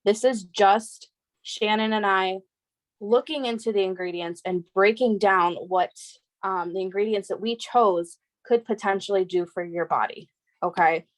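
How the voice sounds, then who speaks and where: A woman explains product details to her team in a mid-pitched, conversational voice full of small fillers. The sound is close and dry. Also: fairly even intonation, unhurried, no room sound, rough recording. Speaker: co-host. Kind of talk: casual team chat.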